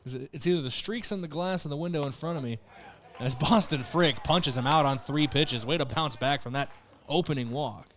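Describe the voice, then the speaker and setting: A young man announcing a live baseball game from a press box, calling each pitch briskly and correcting himself on the fly. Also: fairly bright tone. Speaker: play-by-play announcer. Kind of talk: live radio and TV baseball commentary. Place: press box behind a window.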